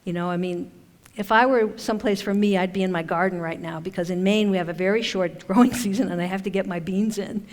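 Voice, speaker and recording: A woman's voice: medium pitch, steady tone, quick pace. A woman giving a chatty, conversational talk at a conference, with self-deprecating humor. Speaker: conference speaker and author. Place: conference hall stage. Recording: long hall reverb.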